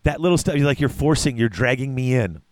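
A man with a middle-pitched voice chats in a rambling, animated way. He often restarts his sentences. The recording is dry and close. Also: fast, no room sound. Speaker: podcast co-host. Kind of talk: casual chat.

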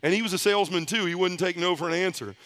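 A man giving a personal testimony at a men's conference, a lively storyteller who acts out the voices of the people in his story. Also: high-pitched, quick pace. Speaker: conference speaker.

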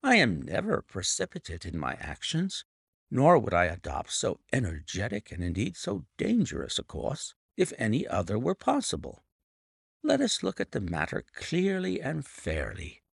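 A man voicing a calm, confident male detective who speaks in a measured, self-assured way. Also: mid-range voice, gravelly, slightly rough, no room sound, clean studio sound, exaggerated voice. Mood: resolute. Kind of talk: audiobook reading.

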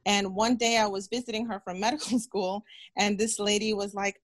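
A woman's voice: medium pitch, normal speed. A woman in her thirties, a physician guest in an interview, talking earnestly and encouragingly, repeating phrases and acting out quotes. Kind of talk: interview storytelling.

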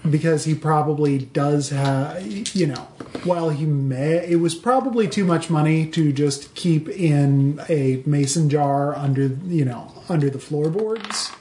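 A man acting as game master, talking hesitantly with many pauses and fillers. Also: fairly high pitch, a little mellow, reverberant, a little hiss or hum. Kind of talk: narrating a tabletop game.

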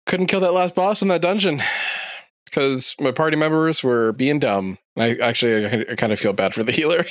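A man's voice: medium pitch, moderate pace, fairly bright tone, no echo, studio quality. Laid-back man in casual podcast chat. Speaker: podcast co-host.

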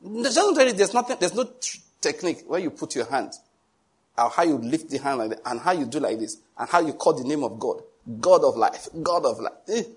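A middle-aged male pastor delivers a sermon in a slightly high, husky voice. He preaches in a jovial, storytelling way, teasing and chuckling between points as he drives them home. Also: brisk. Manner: teasing, animated asides.

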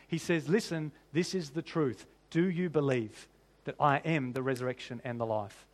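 A man with a high-pitched voice preaches a sermon to his congregation. He keeps it conversational and often asks the listeners rhetorical questions. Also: a little fast. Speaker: pastor.

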